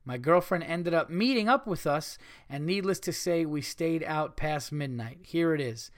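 A man's voice: fairly high pitch, moderate pace. Man reading stories, joking. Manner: crude, laughing, animated asides. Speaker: podcast host reading listener stories. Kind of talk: casual comedic podcast reading.

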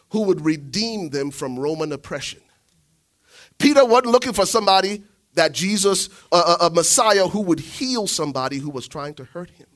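A man preaching a sermon, telling the story dramatically, swinging from shouts to hushed asides. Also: high-pitched.

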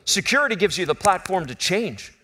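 A man's voice: high-pitched, big pitch swings, fairly quick. A man in his fifties preaching a sermon, telling a personal story in an earnest, conversational way. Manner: earnest, conversational storytelling, swings from loud bursts to quiet intimacy.

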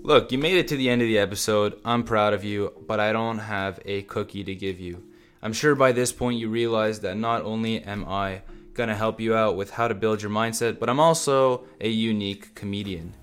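A man's voice: on the low side, steady tone, normal speed, a bit bright, smooth, soft background music. A man hosting a solo motivational podcast, talking bluntly and casually to his listeners and swearing freely. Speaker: podcast host.

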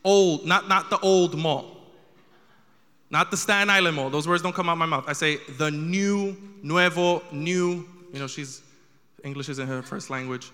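A man's voice: on the high side, a little slow, pushed and bright, in a large hall. A young man doing a stand-up comedy set, telling a story with rising exasperation.

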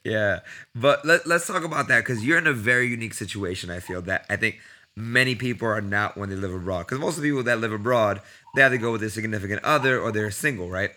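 A man hosting a casual interview, relaxed and conversational, prompting questions with fillers. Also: fairly low pitch, fast. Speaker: podcast host.

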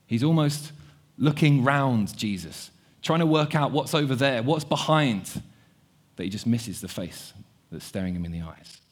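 A man's voice: medium pitch, a little slow, breathy edge. A young man preaching a sermon, earnest, often repeating words as he thinks aloud. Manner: earnest, repeats words, shifts between quiet and animated.

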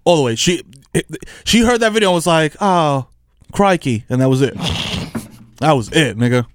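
A man's voice: on the high side, sing-song, brisk, no echo, studio quality. A young man, co-hosting a podcast in slangy, laid-back banter. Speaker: podcast co-host. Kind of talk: casual comedic banter.

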